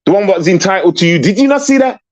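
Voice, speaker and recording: A man's voice: high-pitched, expressive, very fast, a little mellow. A man hosting a livestream call-in, confrontational and repetitive, swearing and ranting at a caller. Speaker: livestream host.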